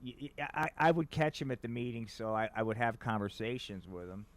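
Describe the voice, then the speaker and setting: A man's voice: medium pitch, fairly quick. A man in casual chat who tells stories in a loose, profane way. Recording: faint background noise.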